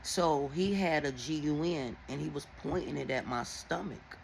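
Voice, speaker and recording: Profane, animated woman telling a dream. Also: deep voice, moderate pace, vocal fry, slight background noise, low-quality recording. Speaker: tarot and oracle reader. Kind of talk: casual storytelling to viewers.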